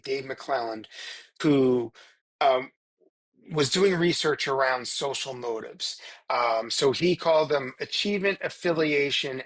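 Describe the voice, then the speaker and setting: A middle-aged man talks as a podcast guest in an earnest, heartfelt way. His pitch sits in the middle, and he keeps restarting sentences as he gathers his thoughts. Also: fairly bright tone. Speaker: guest, performance psychologist. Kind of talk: casual podcast interview.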